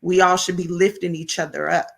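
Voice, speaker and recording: A woman's voice: fairly low pitch, little pitch movement, fairly quick, creaky, a bit bright. A woman co-hosting a casual motivational chat, speaking in an earnest, encouraging way. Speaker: podcast co-host.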